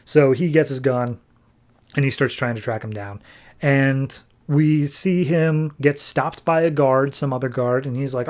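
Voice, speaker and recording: A man's voice: medium pitch, steady tone, normal speed, a little mellow. A man hosting a podcast, casually recapping a comic book issue with wry asides. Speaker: podcast host.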